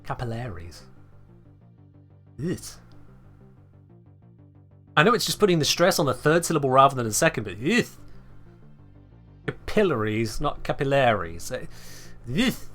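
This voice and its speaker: A man's voice: a little high, big pitch swings, measured pace, pauses often, a bit bright, soft background music. A man from England with an English accent, chatting casually and wryly to his live-stream chat. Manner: chatty, wry, talking to chat. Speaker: game streamer.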